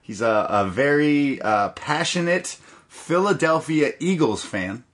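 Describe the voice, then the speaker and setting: A man co-hosting a wrestling podcast tells stories in casual chat, animated and laughing often. His voice is fairly high and his pace slow.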